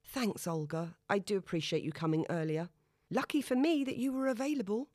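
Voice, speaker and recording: A woman voicing Zoe, a harried young woman who talks in a quick, slightly higher, apologetic rush. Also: darkish tone, no room sound, studio quality, natural voice. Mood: hurried.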